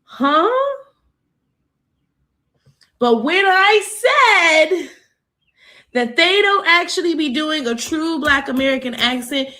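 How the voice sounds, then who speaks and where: A woman's voice: a little high, pushed and bright. A woman giving emphatic social media commentary, incredulous and pointed.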